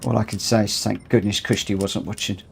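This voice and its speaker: A man's voice: on the low side, little pitch movement, a little fast, vocal fry, a little hiss or hum. A man commentating live on his own racing game, scolding himself ruefully after a costly mistake. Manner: exasperated, self-scolding, rueful. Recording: game music playing behind.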